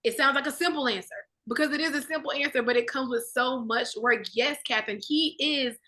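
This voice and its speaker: A woman in a casual Bible study discussion, talking with animated conviction and often acting out inner dialogue. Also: high-pitched, fast talker.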